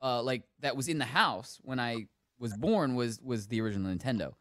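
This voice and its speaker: A man's voice: mid-range voice, fairly quick, no room sound, studio quality. A man from Northern Virginia hosting a pop culture podcast, chatting casually and telling stories. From Northern Virginia, USA. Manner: animated, storytelling. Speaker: host.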